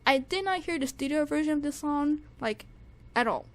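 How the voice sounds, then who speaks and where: A young woman giving an excited, casual music review, gushing and repeating herself with lots of fillers and restarts. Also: high-pitched, moderate pace.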